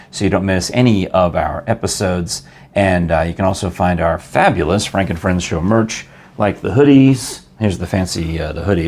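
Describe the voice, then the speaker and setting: A man's voice: low voice, a little mellow, breathy edge. An older man from New York hosting a casual interview show, chatty and rambling, laughing often. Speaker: talk show host.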